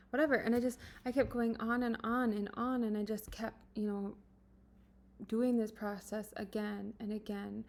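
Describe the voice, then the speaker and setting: A woman vlogger sharing a personal story in an earnest, emotional way, speaking softly and haltingly with many fillers. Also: fairly high pitch, level tone, creaky. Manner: soft-spoken, halting, full of fillers and restarts; earnest and emotional, at times dropping to a whisper.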